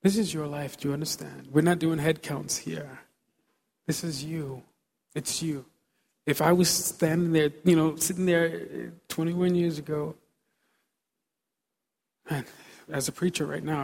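A man preaching an altar-call sermon in a large church auditorium. He pleads and repeats short exhortations, moving from soft urging to loud fervor. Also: a little high, steady tone, moderate pace, breathy edge.

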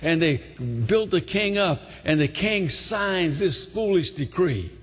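An older man preaching a sermon, retelling a story with dramatic swings from hushed tones to shouting. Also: high-pitched, expressive, slow pace, husky. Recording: long hall reverb.

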